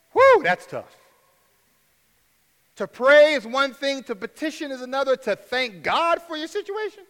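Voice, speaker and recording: A man's voice: extremely high pitch, sharp tone, long reverb tail. A man preaching a sermon as a pastor, often stammering and restarting, acting out heartfelt prayers.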